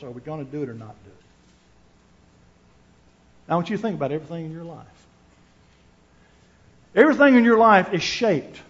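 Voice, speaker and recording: A slightly high-voiced man earnestly preaches to his congregation, reading scripture as part of the sermon. He repeats words while thinking, restarts his phrasing, and asks his listeners questions; the recording is dull and lo-fi.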